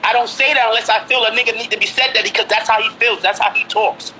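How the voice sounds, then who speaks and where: A man's voice: sits high, steady tone, quick pace, pushed and bright, a little hiss or hum, poor audio. A man from Brooklyn, New York, in his forties, talking heatedly in casual conversation and insisting on his point with repeated questions. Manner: insistent, repeats himself, presses the listener with questions. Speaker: guest.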